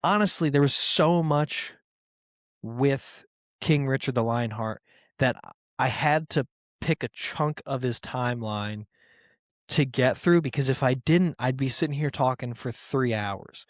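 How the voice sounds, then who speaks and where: A man's voice: medium pitch, a little slow, no echo, studio quality. Casual, profane male podcast host. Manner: rambling and profane, with filler words; irreverent and joking.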